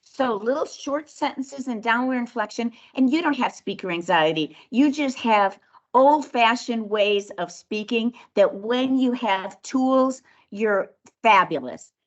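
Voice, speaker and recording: Encouraging woman speaking coach, slightly high voice, muffled video-call sound. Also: animated, a little slow. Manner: upbeat, encouraging, instructive. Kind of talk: interactive coaching session. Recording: dull lo-fi video call audio.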